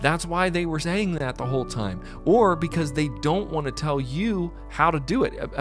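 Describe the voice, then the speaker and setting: A man who is a piano technician and tuning mentor, telling a story in a casual, animated sales pitch, often repeating his words. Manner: animated, repeats words, acts out quoted voices.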